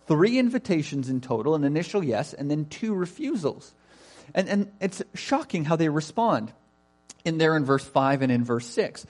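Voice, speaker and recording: Man, preacher, sermon, animated, conversational asides, higher voice. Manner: animated, acts out invitations in quoted voices; conversational, frequent "right?" asides. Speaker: pastor.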